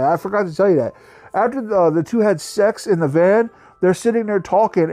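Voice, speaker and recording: A man's voice: sits high, a little mellow. A man hosting his own channel, giving a casual, profane, mocking review of a bad movie. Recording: faint music behind the voice.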